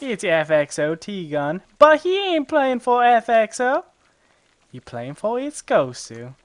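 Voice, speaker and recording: A man voicing a sassy Southern mother announcing esports players, with a put-on Southern accent in a high, brash drawl. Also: very animated, slow pace, smooth, heavily acted.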